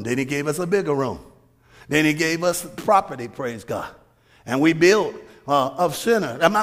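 A pastor preaching a sermon with emphatic rhetorical questions. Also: male voice, fairly high pitch, fairly bright tone. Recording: reverberant hall.

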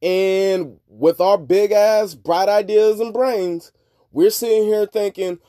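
A man hosting a podcast, talking in a rambling, profane monologue that swings between low mutters and loud outbursts. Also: expressive, slow, dry recording, studio quality. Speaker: podcast host. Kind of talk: casual monologue.

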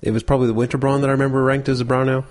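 A man co-hosting a casual beer tasting podcast, relaxed and explaining beer facts as he thinks aloud. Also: medium pitch, very fast. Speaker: podcast co-host.

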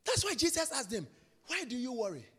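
High-pitched, emphatic male preacher. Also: huge pitch swings, fairly quick, husky, big-room sound. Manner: emphatic, repeats phrases, swings from shouts to hushed whispers. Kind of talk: sermon.

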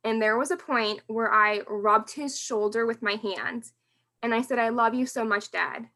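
A woman with a slightly high, bright voice speaks at a moderate pace with a forceful tone. As a podcast guest, she shares candid, emotional stories about her late father, often laughing through the hard parts.

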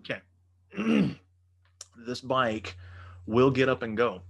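A man's voice: medium pitch, takes it slowly, vocal fry, husky. A man casually telling a long story, swearing a lot and acting out the other people in it with raised voices. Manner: profane, animated, acts out quotes in raised voices.

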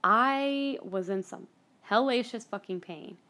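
A woman's voice: a little high, slow, sharp tone. Woman on her podcast telling her story, gets emotional, lots of repeats and swearing. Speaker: podcast host.

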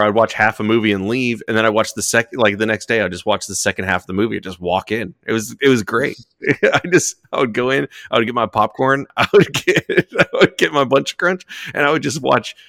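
Bright-voiced laid-back man chatting. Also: on the low side, creaky, no echo, clean studio sound. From Australia. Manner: laid-back, swears casually, laughs often. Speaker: podcast host. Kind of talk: casual chat.

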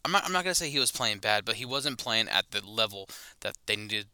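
Lower-voiced guy with a very bright, smooth sound, rambling sports takes, dry mic. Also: animated, a little fast, no room sound. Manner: rambling, self-correcting. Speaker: podcast co-host. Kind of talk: casual sports chat.

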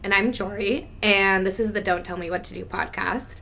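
A woman co-hosting a podcast while hoarse with laryngitis, keeping an upbeat tone. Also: mid-range voice, steady tone, normal speed. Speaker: podcast co-host. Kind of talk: casual podcast chat.

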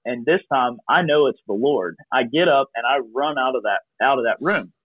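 A man's voice: medium pitch, animated, moderate pace, no room sound. Man on a tinny dry call line. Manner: rambling, many fillers, acts out quoted voices. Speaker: podcast guest. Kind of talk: casual storytelling. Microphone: video call.

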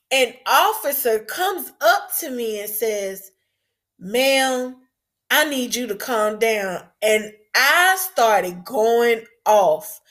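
Woman telling a story real slow and emotional, kinda high voice, stops and repeats herself, blunt and swears some. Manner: emotional, halting, repeats words. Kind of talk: personal storytelling to an audience.

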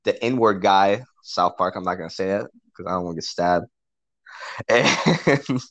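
A man's voice: low-pitched, a little slow, dry recording. A man telling a crude story to a friend in casual chat, swearing constantly and laughing often. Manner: profane, animated, laughs often. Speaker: podcast co-host telling a story.

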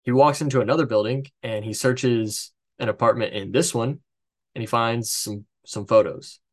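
A man's voice: mid-range voice, fairly even intonation, normal speed. Man, podcast host, casual film recap, headset mic, chatty asides, occasional swearing.

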